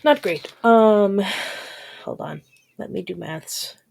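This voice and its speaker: A woman playing a tabletop game, chatting in a bubbly, animated way. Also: medium pitch, takes it slowly, gravelly, a little hiss or hum. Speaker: player. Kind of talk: casual tabletop play. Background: background music.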